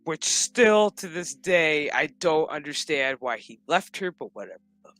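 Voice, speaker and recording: A man rattles through a TV episode recap, swearing freely and dropping into mocking impressions of the characters. His voice sits fairly high and sounds bright and sharp. The recording is dry and close, with faint music running in the background. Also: sing-song, measured pace, no room sound. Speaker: show recap commentator. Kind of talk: crude comedic episode recap.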